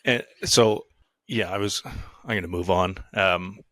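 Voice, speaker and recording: A man's voice: sits low, a little slow, fairly bright tone, no room sound. A man co-hosting a business podcast in casual chat, thinking aloud with fillers and dropping dry teasing quips. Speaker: podcast co-host.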